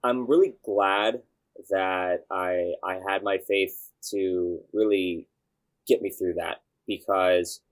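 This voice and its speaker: A young man, a youth pastor, telling a story in a casual interview, animated and excitable, with bursts of shouting. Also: low voice, slow pace.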